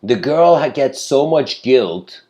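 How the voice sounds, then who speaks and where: A man's voice: mid-range voice, animated, slow, darkish tone. A man giving an informal spiritual lecture, telling a story in a loose, rambling way that stops to correct itself and is full of fillers.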